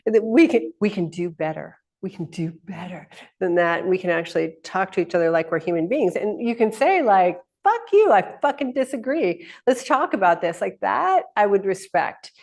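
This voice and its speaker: A middle-aged woman talking off the cuff. She rambles through fillers and restarts and often laughs. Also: mid-range voice. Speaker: host. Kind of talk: casual spoken talk.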